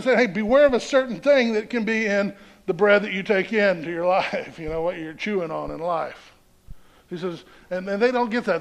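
A man delivers a sermon in a high-pitched voice with a gravelly edge. He moves between reading scripture and unpacking it in a relaxed, conversational way, often checking in with his listeners. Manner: reads scripture aloud and explains it conversationally, often asking "right?". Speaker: pastor.

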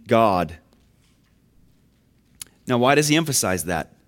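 A man's voice: mid-range voice, sing-song, normal speed, pauses often, fairly bright tone. A man preaching a sermon, earnest and building to emphatic questions. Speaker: pastor.

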